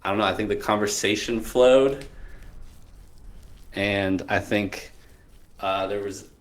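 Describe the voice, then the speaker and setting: A man's voice: on the low side, steady tone, slow pace. A medical student on a call, talking hesitantly and trailing off as he asks for dating advice. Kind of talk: casual conversation.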